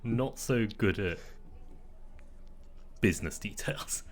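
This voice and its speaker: A man's voice: fairly low pitch, slow. A man playing a tabletop game in a laid-back, matter-of-fact way. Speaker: player. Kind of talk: casual tabletop role-play.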